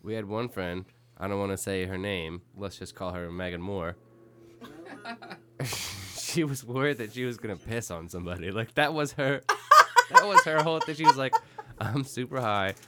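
A man's voice: fairly low pitch, sing-song, normal speed, heavy background noise. A man hosting a podcast, telling stories in a rambling, laughing way and swearing freely. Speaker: podcast host. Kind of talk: casual chat.

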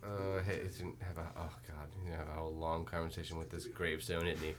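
A fairly low-voiced man hosts a loose, joking chat while a film plays. He riffs and swears freely. Music from the film runs clearly underneath him. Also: little pitch movement, fast talker. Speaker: podcast host. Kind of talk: casual chat over a film.

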